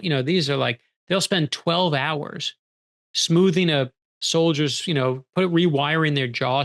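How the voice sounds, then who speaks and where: A middle-aged man with a gravelly, slightly creaky voice, talking in an interview. He recounts his stories with energy, acting out the lines of the people in them as he goes. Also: a little high. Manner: animated storyteller acting out quoted dialogue. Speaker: author guest. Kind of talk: storytelling interview conversation.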